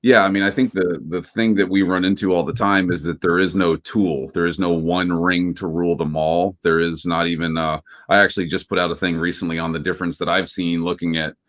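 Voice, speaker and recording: A man speaking as an expert guest on an online panel, relaxed and wry over a video call. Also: deep voice, brisk, hardly any pauses. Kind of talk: casual panel discussion.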